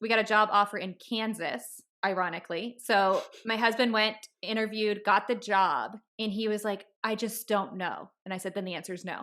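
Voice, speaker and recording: Speaking at a normal pace with hardly any pauses, a woman in her thirties hosts a podcast in a fairly bright, medium-pitched voice. Her storytelling is chatty and relaxed, and she performs what each person said.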